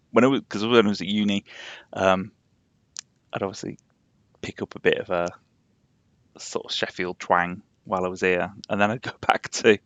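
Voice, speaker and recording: A young man with a slightly posh Yorkshire accent chats ramblingly on a gaming live stream, laughing often. His fairly low voice has vocal fry and a fairly bright tone, recorded without echo but with the highs cut off.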